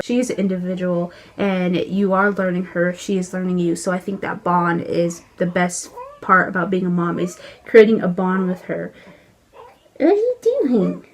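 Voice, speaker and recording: Chatty young mom vlogger. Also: female voice, slight background noise. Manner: chatty, many "like" fillers, coos in a high voice to her baby. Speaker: vlogger, new mother. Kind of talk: casual chat to camera. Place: at home, feeding her baby.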